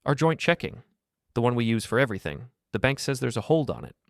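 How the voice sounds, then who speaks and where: Male narrator doing a panicked, demanding wife, pitched up, urgent and frantic. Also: brisk, no room sound, studio quality, close to an everyday voice.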